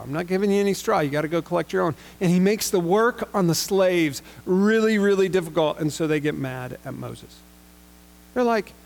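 A male preacher delivers a sermon in a relaxed, conversational manner, slipping into slangy paraphrases of the characters. His voice sits a little higher than most men's. He also reads longer scripture passages aloud. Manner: casual, conversational retelling with slangy paraphrased quotes.

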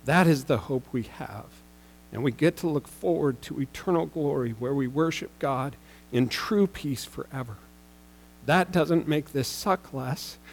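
A man's voice: mid-range voice, a little mellow, slight background noise, low-quality recording. A man in his forties, a pastor, telling a personal story in a sermon in a conversational way, with bursts of raised emphasis.

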